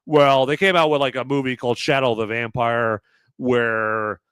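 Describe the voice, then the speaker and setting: Smooth-voiced rambling podcast host, man. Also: mid-range voice, moderate pace, dry recording, clean studio sound. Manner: rambling and digressive, animated. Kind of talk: casual movie review.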